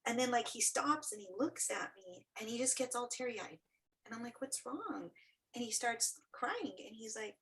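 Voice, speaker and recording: A woman's voice: fairly high pitch, animated, normal speed, a bit bright, poor audio. A middle-aged woman, an interview guest, telling a personal story with earnest feeling and acting out what others said.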